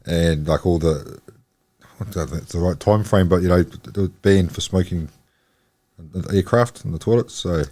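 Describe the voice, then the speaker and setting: A man's voice: sits low, normal speed, a little mellow. An older man, a guest in a casual chat, telling rambling anecdotes about his old job.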